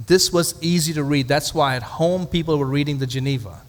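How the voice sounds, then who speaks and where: A male pastor with a slightly high voice leads a Bible study for a live audience, speaking briskly in a big-room sound. His conversational teaching features rhetorical questions and dry, humorous asides.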